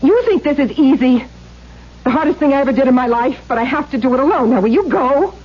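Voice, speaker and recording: An actress playing a bitter, resolute young woman with intense, quiet delivery in a 1970s radio drama. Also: high voice, expressive, fast talker. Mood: tense. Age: young adult. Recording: dull 1970s radio broadcast, faint hiss.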